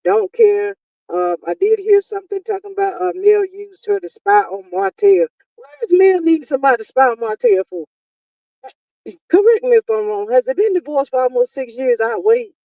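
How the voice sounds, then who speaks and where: A woman's voice: high-pitched, very animated, vocal fry, no room sound, distant mic, muffled recording. A woman, chatting casually and exasperatedly as a live-stream commentary host. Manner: exasperated, talkative, drawn-out exclamations.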